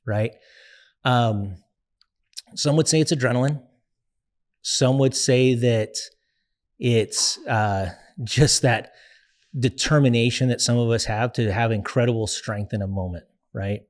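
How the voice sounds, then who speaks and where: A young adult man, a guest in an interview, telling a personal story in an earnest, reflective way with frequent pauses and fillers. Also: medium pitch.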